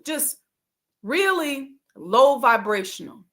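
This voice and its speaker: Woman host telling a story, bright voice and kinda high, acts out her own thoughts as she goes, lots of you-knows. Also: unhurried. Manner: animated storyteller acting out her own inner voice; casual, conversational with frequent fillers. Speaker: host, life coach. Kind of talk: storytelling monologue.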